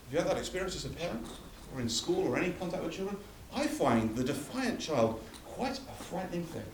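A man's voice: a little high, very animated, brisk, a little hiss or hum. A man preaching a sermon, emphatic and building through repeated phrases, recorded from a distance in a church hall. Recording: echoey hall from far off.

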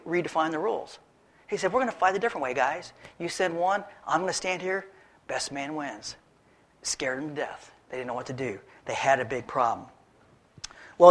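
A man preaching a sermon, retelling a Bible story in a lively, animated storytelling way. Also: a little high. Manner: animated storytelling, acts out characters. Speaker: pastor.

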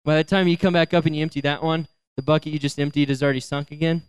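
A young man giving a storytelling sermon, lively, acting out voices and laughing as he goes. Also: fairly high pitch, rapid-fire, smooth. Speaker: youth speaker.

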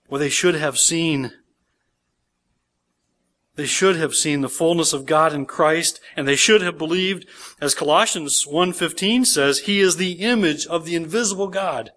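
Higher-voiced man preaching a sermon. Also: a little slow, a bit bright. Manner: expository preaching, reading scripture aloud with emphasis. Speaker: pastor. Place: church.

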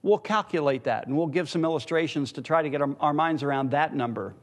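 A man's voice: fairly high pitch, a little fast. A man teaching a Bible class in a church, teasing and quizzing the people in the room with a chuckle.

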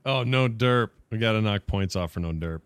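A man hosting a podcast, chatting casually in a joking, rambling way with quick asides. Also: fairly low pitch, clean tone, no echo. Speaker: podcast host. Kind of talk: casual chat.

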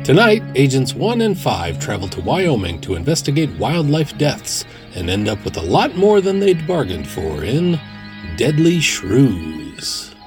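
A man's voice: medium pitch, huge pitch swings, measured pace. A man narrating a suspenseful first-person radio drama in a dramatic, scripted way. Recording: narration over music. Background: music.

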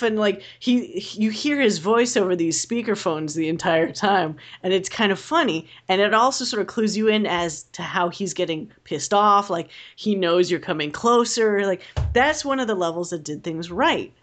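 A young woman chatting casually as a podcast co-host, rambling and animated and swearing freely. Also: mid-range voice, moderate pace. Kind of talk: casual chat.

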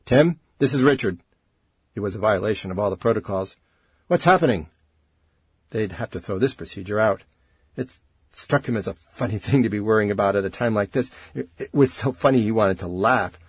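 Husky, expressive male audiobook narrator. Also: fairly low pitch, brisk, dry recording.

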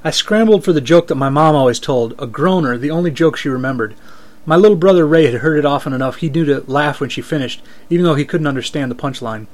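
Man reading a story, slightly high voice. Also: fast talker. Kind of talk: reading first-person fiction aloud.

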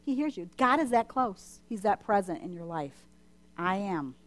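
A woman's voice: mid-range voice, lively intonation, moderate pace. A woman preaching to a church congregation, impassioned and emphatic, repeating her points for force. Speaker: church speaker. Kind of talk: sermon. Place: church service.

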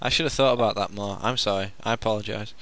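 A young man hosting a casual podcast, quick and teasing in his chat. His voice is bright and sharp with a gravelly fry running through it. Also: fairly low pitch, steady tone. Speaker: podcast host.

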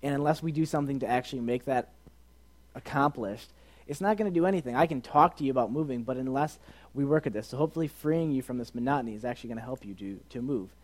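This podcast host is a man whose mid-range voice moves at a quick pace. Chatting casually with a live group, he cracks jokes, urges people to take part, and says things more than once.

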